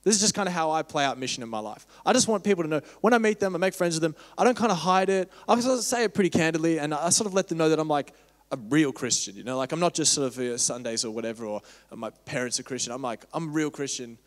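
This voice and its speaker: A young man with a slightly high voice speaks to a church gathering in a loose, candid, rambling way, full of fillers. His voice rings with the long reverb of a church hall. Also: fast talker. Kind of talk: casual church talk with personal story.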